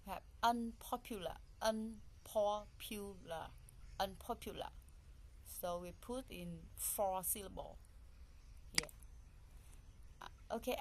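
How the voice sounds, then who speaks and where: Slow-speaking woman English teacher. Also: lowish voice, gravelly, noisy background. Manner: repeats each word slowly, counting syllables aloud; simple, non-native phrasing. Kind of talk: classroom pronunciation lesson.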